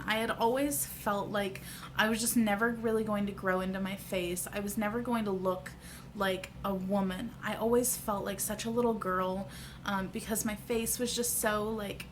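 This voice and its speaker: A woman's voice: fairly high pitch, fairly bright tone, a little hiss or hum. A woman in her thirties telling a personal story to camera in a chatty, candid vlog, laughing easily. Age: 30s. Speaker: vlogger.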